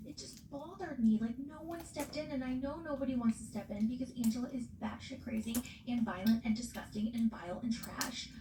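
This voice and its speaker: Animated, blunt woman recapping reality TV. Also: on the high side, brisk, hardly any pauses, reverberant, noisy background. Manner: animated, blunt, swears freely. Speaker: podcast host.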